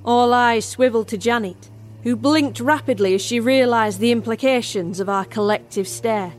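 A woman's voice: fairly high pitch, moderate pace, slight background noise, close to an everyday voice. A woman narrating a first-person horror tale as a barmaid in an audio drama. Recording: music score underneath.

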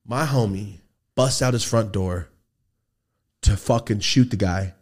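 At a measured pace and in a lowish voice, the host relays a profane street anecdote on his podcast. His studio telling is casual but animated, with performed quotes and gun sound effects.

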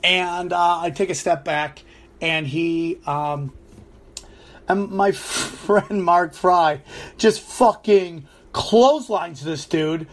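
A man who does stand-up tells a story about his gig in a loose, profane podcast rant. His voice sits high for a man, and he keeps it animated and swearing, full of "like" and restarts. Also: slow pace. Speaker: stand-up comedian and podcast host. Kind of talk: ranting podcast monologue.

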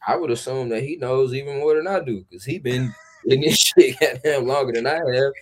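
A man with a mid-range voice talks easily as a podcast guest. He tells loose, profane road stories in a laid-back, unhurried way. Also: mid-range voice. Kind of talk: casual storytelling chat.

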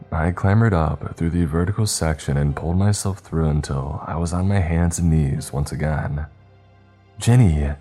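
A man reading a horror story aloud in steady, measured, scripted narration. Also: very deep voice, husky.

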